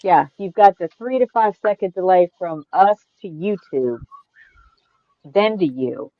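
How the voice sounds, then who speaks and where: A woman in casual chat, calmly explaining practical details with easy fillers. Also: fairly low pitch, measured pace, no room sound, narrow, tinny audio.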